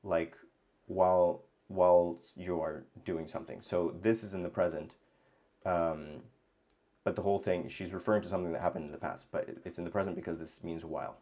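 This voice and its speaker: A man teaching grammar in a casual lesson, thinking aloud with many pauses and restarts. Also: sits low, steady tone, mellow. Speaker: language teacher.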